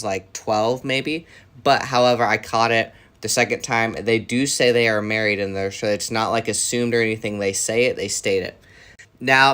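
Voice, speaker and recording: A man gives an earnest, casual review, listing points with some hesitation. His voice is bright and a bit tense, at an ordinary pitch. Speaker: show reviewer.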